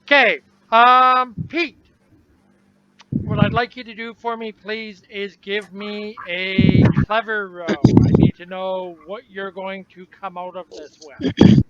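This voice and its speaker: Guy game-mastering a tabletop rpg, high voice, casual and descriptive, muffled lo-fi audio. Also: little pitch movement, slow. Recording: dull lo-fi recording, faint noise.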